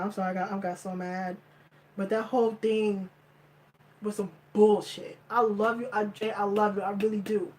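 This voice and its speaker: A woman's voice: medium pitch, poor audio. A woman vlogger ranting in blunt, profane commentary, repeating her points for emphasis. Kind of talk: heated commentary rant.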